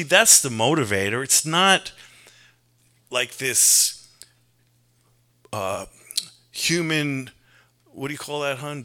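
A man preaches in an earnest, conversational way, as if talking to a friend. His voice is strikingly bright and forward, and his pitch sits in a middling range. He weaves personal confession into his sermon. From New York. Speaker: pastor.

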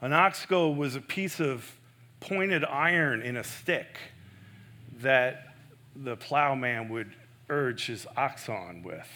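A man preaching a sermon in an earnest, emphatic way. He swings between loud stresses and soft, hushed asides. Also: medium pitch, animated, slow pace. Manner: self-correcting, personal and earnest.

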